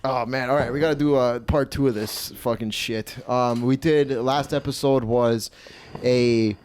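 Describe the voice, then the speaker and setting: A man's voice: medium pitch, fairly even intonation, a little slow, a little mellow, slight background noise. A man in his twenties hosting a comedy podcast, rambling, profane and self-mocking. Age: 20s. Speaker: podcast host and stand-up comedian. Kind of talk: casual comedy podcast chat.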